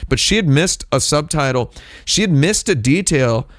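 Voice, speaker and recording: A man's voice: fairly high pitch, animated, normal speed, dry recording, studio quality. A man hosting a live stream, chatting casually in a rambling, digressive way with lots of restarts. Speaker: livestream host.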